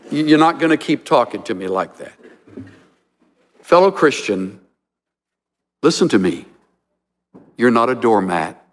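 A middle-aged man preaching a sermon, telling folksy stories and jumping into high voices for the people he quotes. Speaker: pastor. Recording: long hall reverb.

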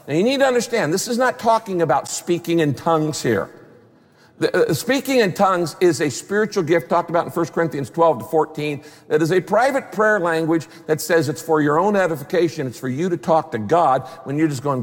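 A pastor preaching a sermon, emphatic and repeating key phrases, sometimes acting out the voices of people in the story. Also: male voice, fairly high pitch, expressive, brisk. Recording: long reverb of a large hall.

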